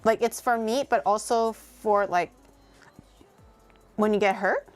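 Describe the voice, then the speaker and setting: A woman's voice: mid-range voice, takes it slowly, faint music behind. A young woman cooking on a livestream, chatting casually with her viewers, teasing them, swearing and laughing often. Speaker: cooking streamer.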